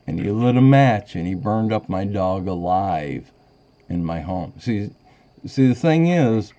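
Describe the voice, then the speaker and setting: A man's voice: fairly low pitch, lively intonation, unhurried, mellow. A man, calling a sheriff's office and pressing a complaint, rambling and agitated, at times choked up. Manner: rambling, agitated, wavering between indignation and choked-up emotion. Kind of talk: phone call complaint. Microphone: phone call recorded on his end. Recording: dull lo-fi phone call.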